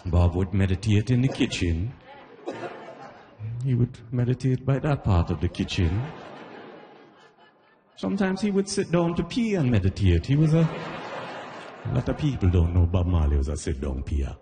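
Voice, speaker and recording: A man performing a stand-up comedy set at a live venue, animated, with quick put-on voices for bits. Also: on the low side, in a large hall, crowd noise. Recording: live room with clear ambient noise.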